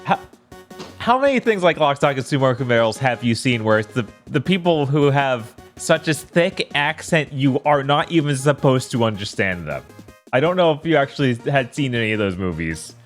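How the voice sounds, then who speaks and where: Bantering man with lively intonation. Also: medium pitch, normal speed, faint music behind. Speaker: streamer. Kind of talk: casual gaming stream chat.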